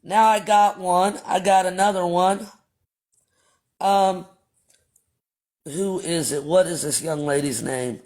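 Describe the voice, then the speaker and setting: A man hosts a casual livestream, speaking in a voice that sits a bit higher than most men's. He tells his story bluntly, swears freely and keeps addressing his viewers directly. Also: slow, pauses often, darkish tone. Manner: blunt and profane, addresses chat as y'all. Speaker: livestream host.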